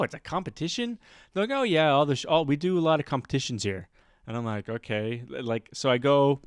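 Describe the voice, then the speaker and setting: A podcast host tells a story in casual chat, animated and acting out the voices of the people in it. He speaks at a medium pitch, recorded with studio quality and no room sound.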